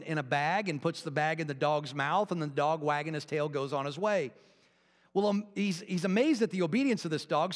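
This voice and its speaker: A man's voice: fairly high pitch, long reverb tail. A male pastor telling a folksy joke and making announcements before his sermon in a church. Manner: folksy storytelling, casual asides. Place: church sanctuary.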